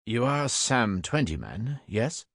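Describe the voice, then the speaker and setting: A man voicing a wary, knowing middle-aged Frenchman who speaks slow, deliberate English with a French accent. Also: medium pitch, big pitch swings, a bit bright, no echo, clean studio sound, voice pushed up, full character voice. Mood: probing.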